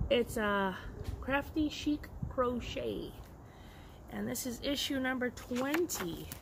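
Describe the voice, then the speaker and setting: A woman casually chatting about her yarn and knitting haul, excitable and quick to laugh. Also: on the high side, noisy background. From Los Angeles area. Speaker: craft vlogger.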